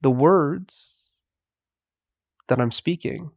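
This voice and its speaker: A man giving a meditative spiritual talk, speaking softly with long pauses between phrases. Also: mid-range voice, no echo, studio quality. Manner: slow, pausing, softly spoken. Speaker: spiritual teacher.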